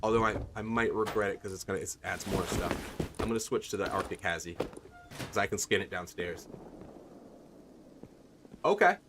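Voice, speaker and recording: A man's voice: deep voice, expressive, moderate pace, pauses often, heavy background noise. A man streaming a video game, rambling casually and asking his viewers what they think. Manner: rambling, chatty, asks viewers questions. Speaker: livestreamer. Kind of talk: casual gaming commentary.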